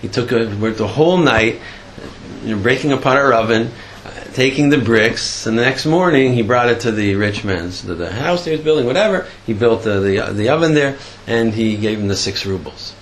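A man, a rabbi, telling a story in a sermon, halting and often clearing his throat. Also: medium pitch, animated, slight background noise, low-quality recording.

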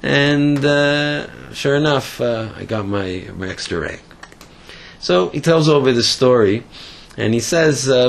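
A man telling a story and then drawing a moral lesson from it, speaking in a halting way that often repeats words. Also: medium pitch, animated, vocal fry. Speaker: religious storyteller and teacher.

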